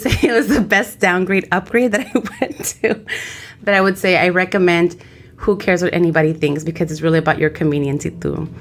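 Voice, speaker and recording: Woman co-host, low-ish voice, chatty, laughs often, mixes Spanish into her talk. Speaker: podcast co-host. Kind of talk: casual chat.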